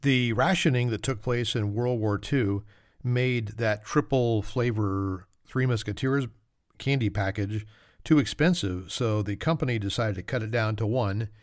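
A man's voice: lowish voice, no room sound, studio quality. A man hosting a solo trivia podcast, reading facts with joking, self-mocking asides. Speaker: podcast host.

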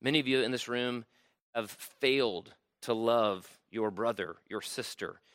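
Bright-voiced man preaching a sermon. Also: medium pitch, measured pace, clear, resonant tone. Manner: conversational, frequent "right?" tags. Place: room with audience.

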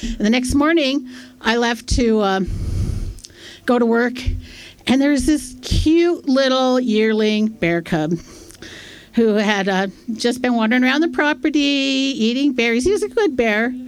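A woman's voice: on the high side, a little slow, clean tone, dry recording. A woman telling a casual, self-deprecating anecdote on stage at a storytelling festival, chatty and full of fillers.

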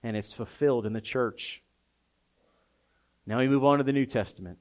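A man preaching a sermon to a live congregation. His delivery is openly emotional and personal, and it climbs from soft, intimate tones to loud, impassioned emphasis. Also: medium pitch, moderate pace. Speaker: pastor.

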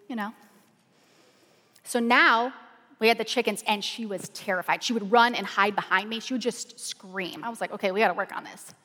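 A middle-aged woman pastor, telling a lively story in a casual, colloquial sermon style. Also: on the high side, a little fast. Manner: animated, colloquial storytelling with "y'all". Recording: long hall reverb.

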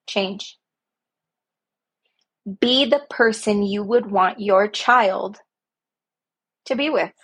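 Slow, husky-voiced woman sharing earnestly. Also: mid-range voice, fairly bright tone. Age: young adult to middle-aged, a parent. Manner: earnest, slow and heartfelt, with emphatic repetitions. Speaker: podcast host. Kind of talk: personal reflective monologue.

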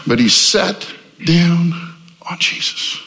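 Animated preacher man in a reverberant hall. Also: slow pace, gravelly. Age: 50s. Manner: animated preaching, swinging between loud exclamations and low quiet stretches. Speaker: pastor. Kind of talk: sermon.

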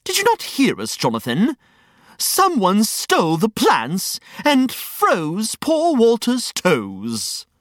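A woman's voice: mid-range voice, huge pitch swings, slow, no room sound, clean studio sound, voice pushed up. A woman voicing a pompous, grumpy older male know-it-all with a huffy manner.

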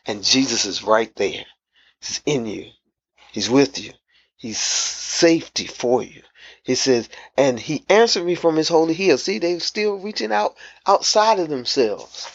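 Slow-speaking man preaching a devotional. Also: mid-range voice, animated, husky, no echo, dull audio. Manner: slow, emphatic, repeating phrases. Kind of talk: devotional sermon.

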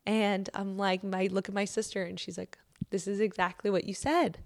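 A young woman giving a casual motivational talk, full of "like," that turns into a gentle guided breathing exercise. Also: medium pitch, level tone, normal speed. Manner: chatty, says "like" often, drops to soft near-whisper in guided parts. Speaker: host.

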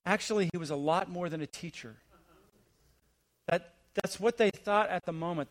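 A middle-aged man preaching a sermon with a fairly high voice. He climbs into emphatic, rising questions, then falls to near-whispered, hushed lines. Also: normal speed, long pauses. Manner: swings between rising, emphatic preaching and hushed, low asides. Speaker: visiting senior pastor.

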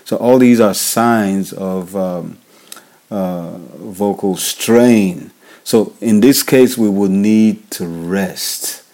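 A man's voice: fairly low pitch, extremely slow, mellow. A man from Nigeria with a Nigerian accent, hosting a worship leader podcast and giving casual advice, often repeating his key points. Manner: repetitive, restates key points, frequent fillers. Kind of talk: casual instructional talk.

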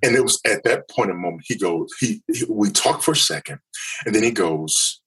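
A man telling a personal story in an interview, earnest and halting, often restarting his sentences. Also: lowish voice, lively intonation, fairly bright tone, husky, rough recording. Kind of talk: candid personal testimony.

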